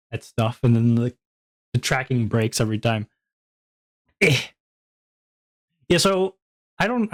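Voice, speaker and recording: Young man, casual stream chat, average pitch, rambling, swearing, laughing. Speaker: VTuber streamer.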